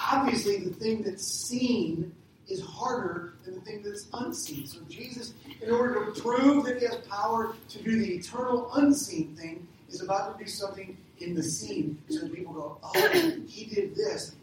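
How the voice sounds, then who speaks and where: A pastor with a medium-pitched voice preaches a conversational sermon at normal speed, asking the congregation questions as he goes. He's far from the mic in an echoey hall, with faint noise.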